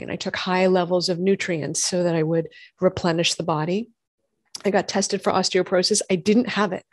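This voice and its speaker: A woman, a doctor and host telling her own health story in lively conversation, acting out what others said. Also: medium pitch, no room sound, studio quality. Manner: animated storytelling, acts out quoted voices. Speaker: functional medicine gynecologist and podcast host.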